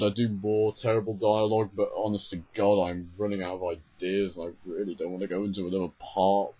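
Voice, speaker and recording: A man's voice: lowish voice, breathy edge. A man ranting on video about an anime dub, exasperated and sarcastic, often correcting himself mid-sentence. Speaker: YouTuber reviewing an anime dub. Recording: dull lo-fi home mic.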